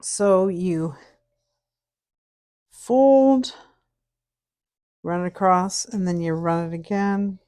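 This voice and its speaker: Middle-aged Canadian woman, cooking teacher, lowish voice, loose chatty delivery with humming. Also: little pitch movement, measured pace, hardly any pauses, a little mellow, clear, resonant tone. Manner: chatty, hums and sings to herself while working. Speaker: cooking instructor. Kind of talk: casual cooking tutorial chat.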